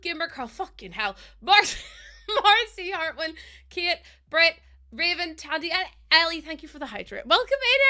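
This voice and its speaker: Woman streamer, bubbly and giggly, high and bright, casual chat with viewers. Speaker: live streamer.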